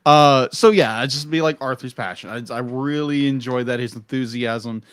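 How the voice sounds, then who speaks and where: A man's voice: mid-range voice, moderate pace, clean tone, no echo, clean studio sound. A man co-hosting a live stream, chatting casually and agreeably about a film, now and then slipping into goofy voices. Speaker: podcast co-host. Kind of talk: casual film review chat.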